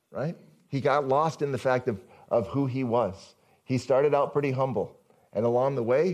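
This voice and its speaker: Mellow-voiced male pastor preaching. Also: medium pitch, lo-fi sound. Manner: conversational, asks the congregation questions. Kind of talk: sermon.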